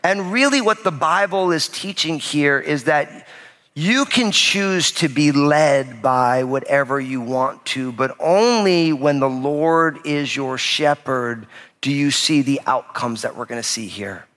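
A man's voice: on the high side, measured pace, a bit bright. A male pastor giving a sermon to a live audience in a church, retelling scripture in casual, everyday speech. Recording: long reverb of a large hall.

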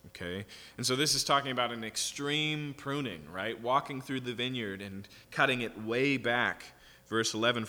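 A man's voice: mid-range voice, normal speed, sharp tone, long reverb tail. A man preaching verse by verse, reading scripture aloud and then explaining it in a conversational way. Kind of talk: verse-by-verse Bible teaching.

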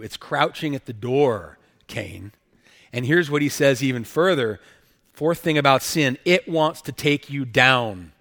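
A man's voice: medium pitch, pushed and bright, in a large hall. A male pastor preaching a sermon emphatically, often checking in with rhetorical questions.

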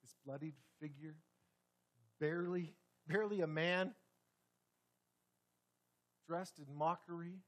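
A man preaching a sermon in a church sanctuary, swinging dramatically between loud, forceful passages and hushed ones. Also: on the high side, measured pace, pauses often. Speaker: pastor.

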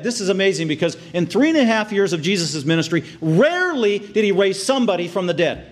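A man preaching a sermon with earnest conviction, dropping to hushed tender lows and rising to loud, excited highs as he acts out the scene. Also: quick pace, few pauses. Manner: acts out the crowd's outraged reactions in a raised voice. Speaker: pastor.

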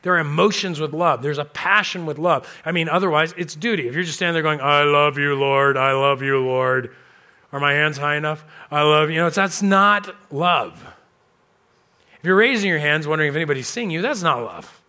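A man's voice: on the high side, expressive, brisk, bright, forceful tone. A man preaching a sermon as pastor, telling a story in a conversational way and acting out the people he quotes. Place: church.

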